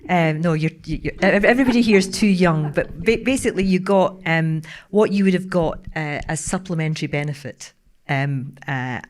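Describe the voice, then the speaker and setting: A middle-aged woman, a broadcaster on a panel, telling stories in a casual, animated way with frequent laughs and restarts. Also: on the low side, moderate pace. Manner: animated storyteller, laughing often, many restarts.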